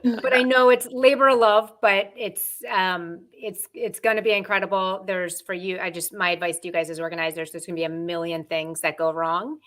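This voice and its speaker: A woman's voice: fairly low pitch, steady tone, moderate pace, a bit bright. A woman hosting a podcast, earnest and gushing, with a playful sarcastic streak. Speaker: podcast host. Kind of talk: casual podcast chat.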